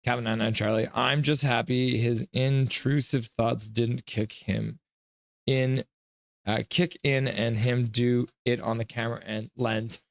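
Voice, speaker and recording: A man hosting a live hockey reaction stream, reading chat messages aloud, joking and reacting loudly to goals. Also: medium pitch, slow, vocal fry, dry recording, studio quality. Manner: excitable, reads chat aloud and jokes.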